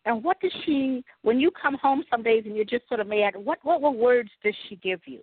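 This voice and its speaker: A woman hosting a radio interview, asking questions gently and attentively. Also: on the high side, moderate pace, slightly rough, no room sound. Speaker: radio host. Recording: tinny phone-like dry sound.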